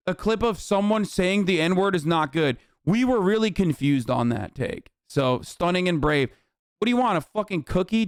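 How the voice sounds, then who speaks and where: A man's voice: high voice, clean tone, dry recording, studio quality. Heated, profane male streamer. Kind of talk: ranting livestream commentary.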